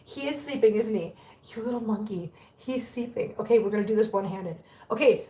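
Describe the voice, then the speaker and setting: A woman's voice: fairly high pitch, a little mellow, recorded from a distance. A woman from the US, chatting casually to her live stream viewers and laughing often. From Southern US. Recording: roomy sound from off mic.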